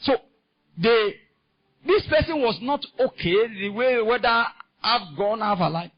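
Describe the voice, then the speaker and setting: A man preaching a sermon in a Nigerian English accent, impassioned and climbing into shouts. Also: very high voice, lively intonation, unhurried. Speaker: pastor. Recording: dull lo-fi sound.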